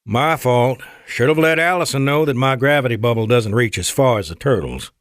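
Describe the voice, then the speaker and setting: A man doing a calm Texan colonel. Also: medium pitch, normal speed, no room sound, studio quality, lightly acted. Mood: wry. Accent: Texas. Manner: steady, reassuring commands. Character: big male Air Force colonel, calm and cocky.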